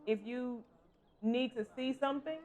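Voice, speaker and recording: High-voiced man streaming a game. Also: steady tone, unhurried, darkish tone. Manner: rambling and joking, talks to chat. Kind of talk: casual gaming livestream commentary.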